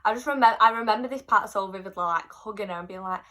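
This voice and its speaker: A young woman with a medium-pitched voice talks quickly, sharing a personal story in a casual, chatty vlog. She's animated as she retells it, acting out what people said in their own voices.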